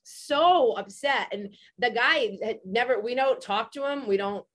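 A woman in her forties, a podcast host, telling a story in casual chat, animated and profane, with many "like" fillers. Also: on the high side, unhurried. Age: 40s.

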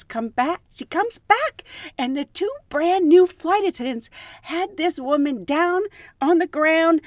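Woman, flight attendant, animated storyteller, swooping voice, dry close sound. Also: fairly high pitch, no room sound. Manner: animated, laughs often. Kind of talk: casual storytelling.

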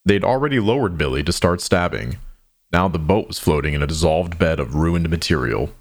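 A man narrating an audio drama with a low, deep voice. His delivery is measured and somber, taking his time over each line. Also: lively intonation.

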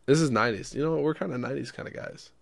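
A man's voice: medium pitch, rapid-fire, creaky, no room sound. A young man co-hosting a casual radio chat, rambling and self-deprecating as he jokes. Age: young adult. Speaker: co-host.

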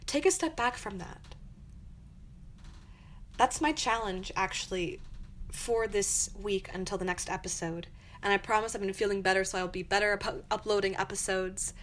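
A young woman hosts her own podcast, offering earnest, encouraging advice in a reflective monologue and acting out angry quotes along the way. Her voice is medium-pitched and fairly bright, at a moderate pace, with a little hiss or hum.

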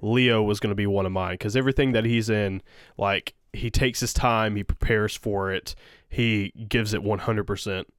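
Low-voiced laid-back man, casual chat. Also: steady tone, moderate pace, fairly bright tone, clean tone, no echo, studio quality. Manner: laid-back, defensive when teased, profane.

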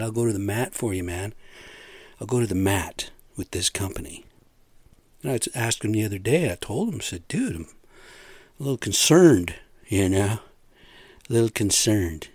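A man's voice: fairly low pitch, no room sound. A middle-aged man venting to his listeners in a casual rant, frustrated and profane, rambling with lots of fillers. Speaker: construction site worker venting.

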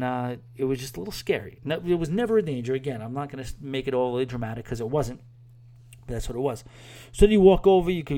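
A man's voice: mid-range voice, warm tone. A man hosting a podcast, giving a casual spoken review in a rambling, chatty way with lots of fillers and restarts. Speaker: podcast host.

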